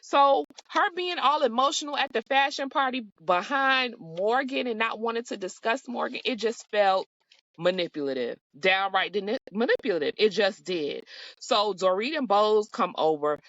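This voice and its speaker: A woman's voice: mid-range voice, expressive, moderate pace, fairly bright tone, dry recording. Woman host, sassy casual recapper, blunt and profane, dry and slightly muffled recording.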